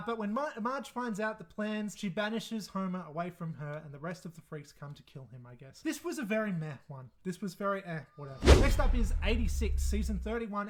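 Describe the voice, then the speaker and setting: A man casually reviewing and ranking episodes, rambling and self-deprecating, swearing freely. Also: high voice. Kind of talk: casual commentary.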